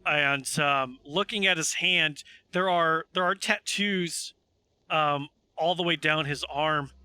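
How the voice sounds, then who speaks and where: A man running a tabletop game as game master, explaining rules and narrating at an unhurried pace with many restarts. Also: on the high side, pushed and bright, clear, resonant tone, no echo. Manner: unhurried, with frequent restarts and asides.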